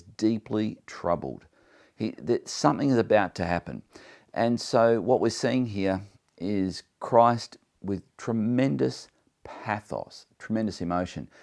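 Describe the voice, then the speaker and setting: A man with a very low, deep voice leads a Bible study. He is earnest and emphatic, reading passages aloud and then unpacking them in his own words, and he sometimes stumbles and restarts as he presses a point. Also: vocal fry, darkish tone. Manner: earnest, reads scripture aloud then explains it. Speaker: Bible teacher.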